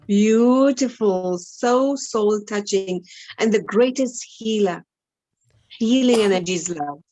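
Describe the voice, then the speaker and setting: A woman guest on a video call, answering in short, warmly appreciative words. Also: mid-range voice, slow, no room sound. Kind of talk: casual chat.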